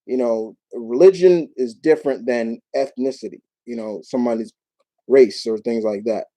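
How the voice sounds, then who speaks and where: A man from New York hosting a casual live Q&A, talking in a rambling, animated way with many restarts. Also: medium pitch, moderate pace, rough recording. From New York, United States. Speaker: YouTube show host.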